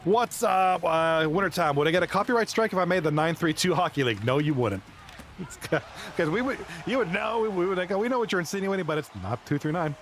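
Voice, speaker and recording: Male live streamer, chatty and excitable, slightly raised pitch. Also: fairly quick, soft background music. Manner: rambling, excitable, chats with viewers. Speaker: live streamer and league commentator. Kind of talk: casual live-stream chat.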